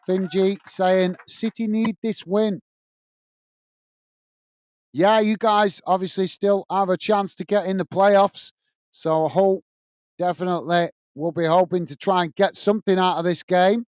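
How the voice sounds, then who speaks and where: A man's voice: sits high, steady tone, unhurried, darkish tone, no echo, clean studio sound. A man from England hosting a live football watch-along, commentating on play and reading out viewers' messages in a chatty, friendly way. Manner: chatty, thanks viewers by name, calls them mate.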